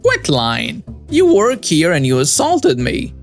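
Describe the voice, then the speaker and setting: A shrill, entitled middle-aged woman shopper shrieks accusations in a high, strained voice, as a man reading the story puts her on. Her pitch jumps well above an ordinary speaking voice. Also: wildly swooping pitch, slow pace, vocal fry, faint music behind, full character voice. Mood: accusing.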